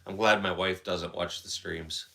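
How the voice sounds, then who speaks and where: His deep voice is steady, a little slow, creaky, bright and forceful as this Wisconsin-accented livestream host from Wisconsin chats casually and reads out viewer comments. He is congested and has a sore throat.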